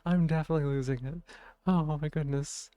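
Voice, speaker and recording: A woman's voice: low voice, fairly even intonation, fairly quick, warm tone, no echo. A woman streaming a game late at night, worn out from laughing, giggly and playful as she talks to her chat and to herself. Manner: giggly, breaking into laughing fits. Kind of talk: casual live game commentary.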